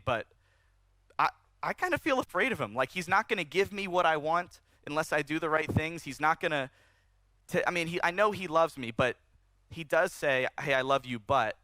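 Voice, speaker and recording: A man preaching a sermon at a church service, conversational and animated, rising in emphasis as he speaks to the congregation. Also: on the high side, dry recording. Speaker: pastor.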